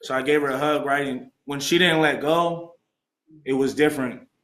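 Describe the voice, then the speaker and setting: Speaking at normal speed with a medium-pitched voice, a young alumni speaker recounts his recovery to a group. He's animated and casual, full of streetwise slang, and does the voices of those he quotes; the meeting room recording is echoey.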